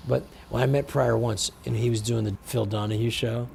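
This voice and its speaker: A man's voice: medium pitch, steady tone, normal speed, gravelly, darkish tone, slight background noise. A man from San Francisco, a show guest, telling rambling anecdotes, acting out other people's voices and swearing freely. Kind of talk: animated storytelling.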